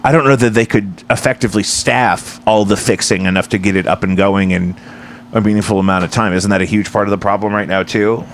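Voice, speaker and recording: A man's voice: fairly low pitch, steady tone, brisk, slight background noise. A man hosting a casual livestream chat from his home basement, rambling and teasing. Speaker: podcast host.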